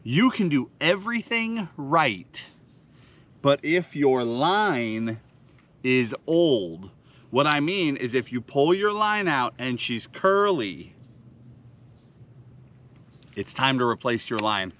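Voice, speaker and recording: A man's voice: medium pitch, sing-song, slow, pauses often, a bit bright. A man teaching a fishing seminar, speaking emphatically and counting out rhythms with punchy sound words. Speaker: fishing instructor. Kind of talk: instructional seminar.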